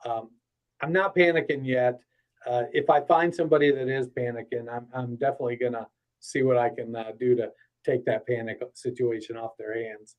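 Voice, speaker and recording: A man's voice: medium pitch, steady tone, normal speed, low-quality recording. A man appearing as a guest analyst on a podcast, talking bluntly and casually with salty jokes and a lot of fillers. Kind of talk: casual sports chat.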